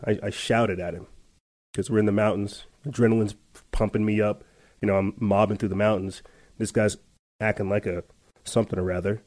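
A man's voice: on the low side, level tone, brisk, darkish tone, no room sound. A man hosting a podcast, telling a story in a rambling casual way with many restarts and laughs. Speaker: podcast host. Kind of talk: casual chat.

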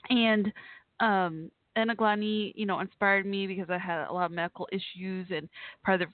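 A woman's voice: medium pitch, fairly even intonation, normal speed, no echo. A woman hosting a live call-in show from home, gushing and laughing often. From Texas. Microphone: home setup. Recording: tinny phone-like line.

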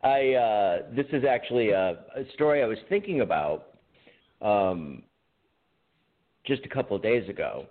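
A man's voice: lowish voice, animated, normal speed, pauses often. A man co-hosting a podcast, telling rambling stories in casual chat with frequent laughter. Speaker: podcast co-host. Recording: tinny phone-like line.

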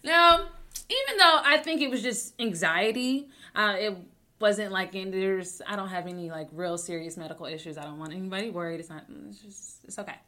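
A young adult woman hosting her own talk show, rambling with many restarts, joking to deflect, swinging between loud bursts and soft mumbles. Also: medium pitch, brisk. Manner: rambling, self-interrupting, jokes to deflect. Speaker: podcast host. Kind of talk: casual personal talk show.

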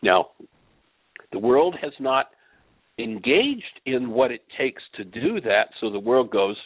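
Husky, gravelly man, measured earnest teacher, phone-quality line. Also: mid-range voice, very animated, dry recording. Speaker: radio show host and healing teacher. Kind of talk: spoken teaching with a told story.

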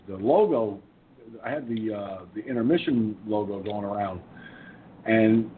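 A man hosting an online talk radio show, chatting and telling stories about doing voices. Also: mid-range voice. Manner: talkative, storytelling, chuckling at himself. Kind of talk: casual chat. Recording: tinny phone-line audio with faint noise.

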